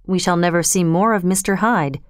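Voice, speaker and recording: A woman reading the lines of a matter-of-fact male gentleman in a storybook. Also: fairly low pitch, a little fast, clean tone, dry recording, studio quality, natural voice. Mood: firm. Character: sober gentleman, male friend.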